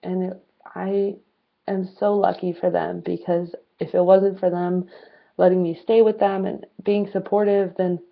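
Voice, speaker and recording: A woman's voice: on the low side, flat delivery, measured pace, gravelly. Young woman telling her story, lo-fi audio. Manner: candid, conversational, with many fillers and restarts. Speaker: vlogger. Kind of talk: personal storytelling to camera. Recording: muffled, phone-like lo-fi sound.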